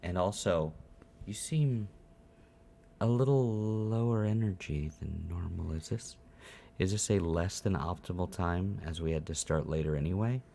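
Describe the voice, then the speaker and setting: A man co-hosting a podcast, chatting casually in a dry, deadpan way with halting fillers. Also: sits low, vocal fry. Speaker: podcast co-host. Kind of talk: casual chat.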